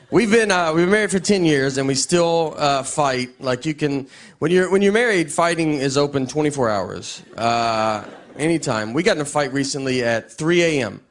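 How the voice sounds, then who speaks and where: A man doing a stand-up set, telling stories in a deadpan, rambling way and often restarting his sentences. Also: fairly high pitch, moderate pace. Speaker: stand-up comedian. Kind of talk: stand-up set before a laughing audience.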